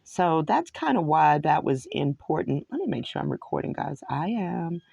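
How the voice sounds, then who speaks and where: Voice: mid-range voice, very animated, normal speed, vocal fry, a little mellow, slightly rough, no room sound. A host in their forties from New York, talking alone through a scripture study in a rambling, digressive way and correcting themselves as they go. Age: 40s. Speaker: online show host. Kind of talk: solo scripture study talk.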